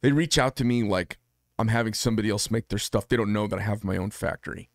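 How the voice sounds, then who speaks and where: Talking alone to the camera, this American knife maker in middle age comes across blunt, combative and full of profanity. He has a lowish voice and a quick pace, captured in a dry, studio-quality recording.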